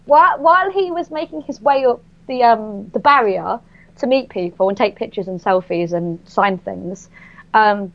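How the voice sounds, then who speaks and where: A woman chatting excitedly on a podcast, full of fillers and restarts. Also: mid-range voice, moderate pace, lo-fi sound. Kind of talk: casual podcast chat.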